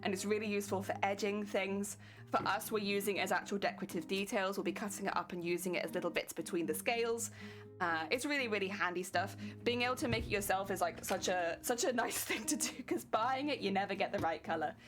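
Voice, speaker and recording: A woman's voice: mid-range voice, fast talker. A young British woman chatting casually on a live crafting stream, giggly and sleepy, thanking viewers by name. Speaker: cosplay streamer. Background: guitar music playing.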